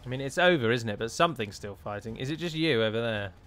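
With slight noise in the background, this British strategy-game let's-player gives fast, animated commentary at a medium pitch with a somewhat bright sound. The battle is going badly, and he curses openly in frustration.

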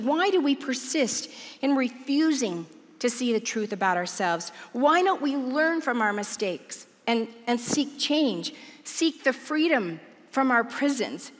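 Earnest woman preacher, lively storyteller, sermon in a big reverberant church. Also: high voice. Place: large church auditorium.

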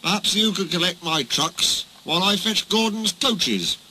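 A man voicing a proud, shrewd male tank engine, crisp and matter-of-fact with a dry, teasing edge. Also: high voice, animated, a little slow, pushed and bright, slight background noise, pitched above the performer's own voice, exaggerated voice, low-quality recording. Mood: innocent.

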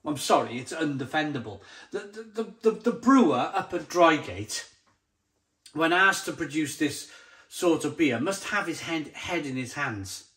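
A man's voice: a little high, lively intonation, unhurried, a bit bright. A man reviewing a beer to camera in a blunt, exasperated way, often stumbling and repeating himself. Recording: roomy echoey sound.

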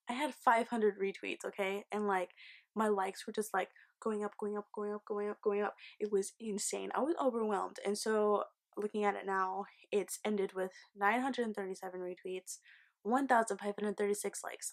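A young woman vlogger telling an excited, rambling storytime, swearing freely. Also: mid-range voice, creaky. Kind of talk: casual storytime vlog.

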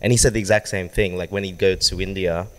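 A man's voice: sits low, steady tone, quick pace. A man hosting a podcast, chatting casually and relating the guest's story to others. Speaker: podcast host.

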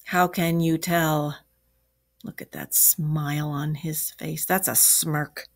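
A woman teacher reading a story aloud to children, expressive and pausing to ask them questions. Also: low-pitched, vocal fry. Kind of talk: classroom read-aloud.

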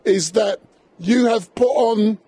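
Brief: male street interviewer, high, husky, unhurried delivery, outdoor park. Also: mellow, dry recording.

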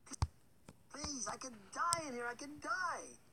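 A man voicing a cruel cannibal baker woman in a storybook reading, shrill and pleading. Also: sing-song, fairly quick. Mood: shrieking, begging. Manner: shrill and screeching, begging desperately. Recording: loud background noise with clicks.

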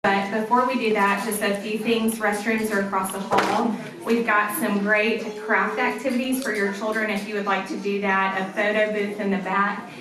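A woman's voice: medium pitch, little pitch movement, normal speed, a crowd in the background. A woman with a Southern US accent, the event organizer, making friendly welcome announcements. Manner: friendly, stumbling over a name. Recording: very echoey room from far off.

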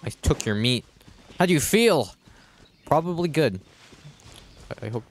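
A young man streaming a game live, muttering to himself and cursing loudly at enemies. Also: on the high side, animated, unhurried. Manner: swears a lot, yells at enemies. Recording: game music behind voice.

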